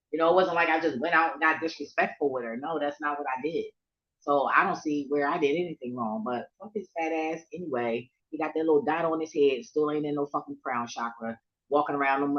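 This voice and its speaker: A woman vlogger telling a story in a casual, heated rant, swearing heavily and swinging between shouting and muttering. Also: sits low, highs cut off. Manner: heavily profane, heated and emphatic.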